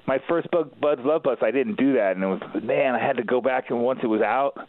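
A man's voice: mid-range voice, a little fast, no echo. A man talking as a podcast guest in a casual chat, laid-back and rambling, with plenty of fillers and restarts. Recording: thin phone-like line.

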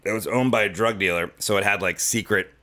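A man with a fairly low voice and a bright, forceful edge talks at a rapid clip. He is a comedian hosting a casual podcast chat, rambling through stories, swearing and dropping into quick impressions of other people. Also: fairly even intonation. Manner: fast rambling storyteller, swears, does voices. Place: Los Angeles.

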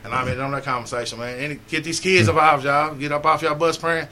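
A middle-aged man talking earnestly on a radio show, urging listeners and swinging from loud appeals to quiet, low moments. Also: fairly even intonation, fairly quick, crowd noise. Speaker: community organizer and guest. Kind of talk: heartfelt radio talk.

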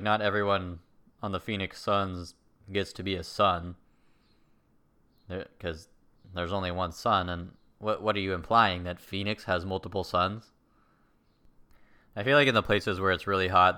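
A man's voice: sits low, pushed and bright, clean tone. A man from New York giving a sarcastic, rambling comedic rant with mock outrage. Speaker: comedic commentator.

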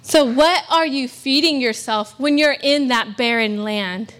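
A woman's voice: high-pitched, measured pace, fairly bright tone. A young woman from California preaching a sermon at a church service, earnest and emphatic with self-deprecating asides. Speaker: guest preacher.

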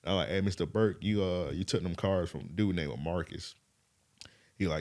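A man co-hosting a podcast, telling a story in a casual, animated way, laughing often and swearing freely. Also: sits low, normal speed. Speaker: podcast co-host.

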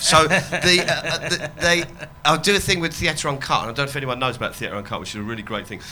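A man with a crisp, bright tone talks in a loose, rambling way. He laughs often, swears freely and drops his voice low when quoting other people. Faint ambient sound sits behind him. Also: slight background noise. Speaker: comedian and activist guest. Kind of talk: casual chat.

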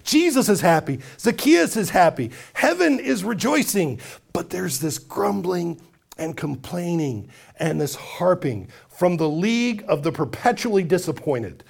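Lively gravelly preacher. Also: male voice, high-pitched, a little slow. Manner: animated, acts out quoted voices. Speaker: pastor. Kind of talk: sermon.

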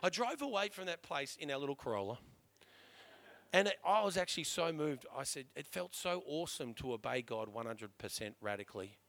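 Aussie pastor guy, high voice, dry close sound, animated storytelling sermon. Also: fairly quick, dry recording. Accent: Australian.

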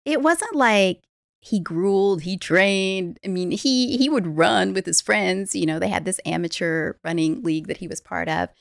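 A woman's voice: fairly low pitch, normal speed, vocal fry, dry recording, clean studio sound. A woman life coach telling stories with energy in a podcast conversation, laughing easily. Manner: animated storyteller, laughs easily.

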